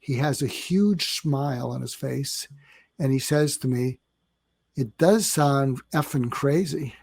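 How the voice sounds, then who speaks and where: A man's voice: mid-range voice, slow pace, gravelly, a little mellow, husky, no room sound. Older man telling meandering stories. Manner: meandering, filler-heavy, acts out quoted dialogue. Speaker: guest psychiatrist. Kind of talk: storytelling in a podcast interview.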